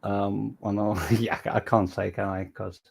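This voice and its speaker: A man's voice: fairly low pitch, flat delivery, measured pace, vocal fry, husky. A man hosting a casual livestream chat, rambling and self-deprecating, joking about himself as he goes. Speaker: livestream host.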